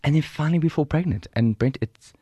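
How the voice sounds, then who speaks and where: A South African man in his forties telling a personal story as a podcast guest, animated, acting out dialogue and laughing often. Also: on the high side, fast talker, husky, dry recording, highs cut off. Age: 40s. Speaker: guest speaker. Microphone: studio microphone.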